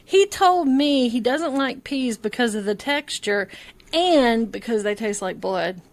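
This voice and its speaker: Chatty Southern woman, fairly high voice. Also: animated, measured pace. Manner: teasing, chatty, laughs often. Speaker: podcast co-host. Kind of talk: casual chat.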